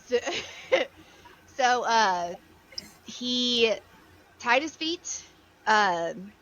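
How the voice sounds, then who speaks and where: A woman's voice: a little high, expressive, drawn-out words, a bit bright, highs cut off. A woman co-hosting a casual podcast, retelling a court case with a blunt manner and casual swearing. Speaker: co-host.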